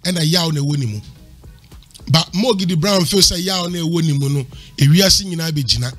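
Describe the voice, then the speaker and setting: A man's voice: on the high side, brisk, a bit bright, soft background music. A man making an emphatic argument on a panel, lecturing and repeating his points for emphasis while mixing Twi and English. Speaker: panel commentator.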